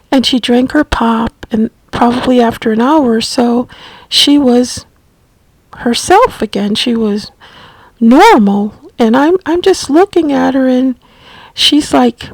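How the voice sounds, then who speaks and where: A middle-aged woman telling a personal story about caring for her mother, slow and gently reflective. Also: on the high side, no room sound, poor audio. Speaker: family caregiver recounting her mother's illness.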